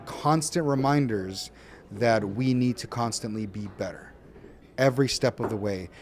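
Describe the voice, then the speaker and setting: Earnest man in his thirties, podcast co-host, storytelling with lively quoted voices; mid-pitched. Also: normal speed, a little hiss or hum. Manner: earnest, storytelling, animated when quoting others. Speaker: podcast co-host and show producer. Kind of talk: casual faith conversation.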